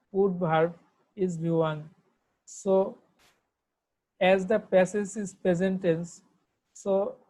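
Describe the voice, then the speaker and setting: Bangladeshi woman, online English teacher, low mellow voice, unhurried, spells words aloud letter by letter. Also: low-quality recording. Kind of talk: online grammar lesson.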